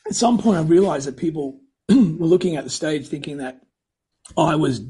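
A man's voice: fairly high pitch, lively intonation, normal speed, dark tone, husky, poor audio. A middle-aged man and singer-songwriter telling rambling anecdotes in a casual interview, often correcting himself and acting out quoted dialogue. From United States.

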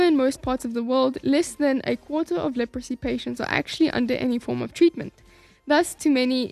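A woman reading a book aloud in a calm, measured way, then giving her review of it. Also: high voice, gravelly, no echo.

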